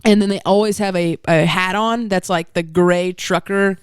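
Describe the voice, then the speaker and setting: A woman's voice: lowish voice, fairly even intonation, normal speed, clear, resonant tone, dry recording. A woman co-hosting a podcast, telling a long, rambling hypothetical story in casual banter. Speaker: podcast co-host.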